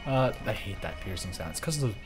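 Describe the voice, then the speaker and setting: An excitable, jokey man hosting a livestream and giving casual commentary while he plays a game. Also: fairly low pitch, over music. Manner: excitable and jokey, quick to yell. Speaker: livestream host.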